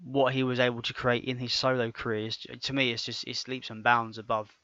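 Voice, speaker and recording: Talking a little fast in a level, mid-range voice that's pushed and bright, this co-host rambles with enthusiasm and keeps restarting. There's no room sound, and the podcast audio is dull, dry, and lo-fi.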